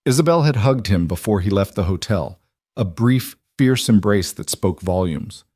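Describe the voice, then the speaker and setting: A narrator delivers scripted, dramatic storytelling in a steady, measured reading voice. He has a low voice, captured dry and close with no room sound.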